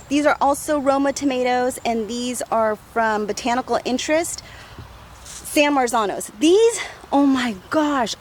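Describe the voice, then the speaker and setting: A woman giving a casual, enthusiastic tour of her farm garden outdoors, talking warmly and laughing often. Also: high-pitched, a little hiss or hum. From United States.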